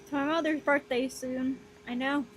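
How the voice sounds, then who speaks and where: A young woman with a high, light voice chats aimlessly while she draws on stream. She mumbles in a soft, low-key way and drops casual swears. A faint hiss sits under her voice. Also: fairly even intonation, normal speed, poor audio. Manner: talks to her drawn characters. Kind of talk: rambling casual chat while drawing.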